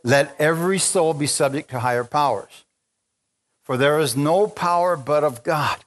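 A man's voice: on the high side, moderate pace. Fervent male preacher in a large church. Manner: fervent, rising to exclamations and calls to the congregation. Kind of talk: spontaneous sermon.

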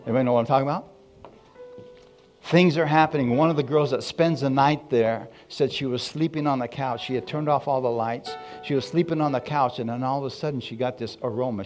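A male pastor preaching, with a voice at an average pitch. He tells stories and acts out the quotes, climbing to loud, fervent exclamations. Faint instrumental music plays behind him. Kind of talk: sermon.

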